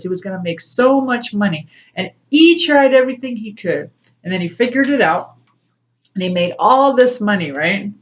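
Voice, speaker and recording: Woman tarot reader, casual and rambling, frequent laughs, mid pitch, slightly muffled lo-fi recording. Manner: rambling, laughs often between phrases. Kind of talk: casual spiritual reading to camera. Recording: slightly dull lo-fi sound.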